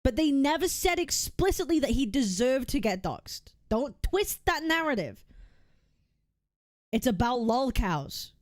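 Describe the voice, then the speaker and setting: A woman's voice: high-pitched, big pitch swings, measured pace, darkish tone, no echo, clean studio sound. A woman streamer making a heated, argumentative case on stream, emphatic and often repeating herself. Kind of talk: heated reaction rant.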